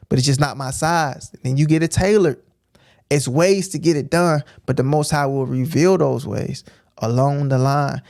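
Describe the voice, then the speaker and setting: A man's voice: on the high side, vocal fry, a little mellow, dry recording, clean studio sound. A man preaching informally on a livestream, emphatic and repetitive, often checking in with "right?". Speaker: streamer teaching scripture.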